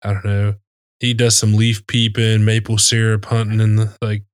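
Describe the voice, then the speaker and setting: A man's voice: lowish voice, completely flat delivery, moderate pace, clear, resonant tone, no echo, clean studio sound. A man co-hosting a casual sports talk show, joking and rambling with lots of fillers. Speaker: podcast co-host.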